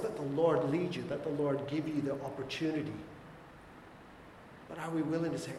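A man's voice: on the high side, fairly even intonation, fairly quick, warm tone, slight background noise. A man preaching a sermon as a pastor, emphatic and exhorting, with repeated short urgings. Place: church hall. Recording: echoey church hall with long reverb.

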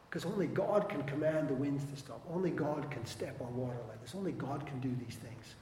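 A man preaching a sermon as pastor, animated, acting out quoted voices and swinging between loud and soft. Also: mid-range voice, brisk, echoey room, long reverb tail, slight background noise.

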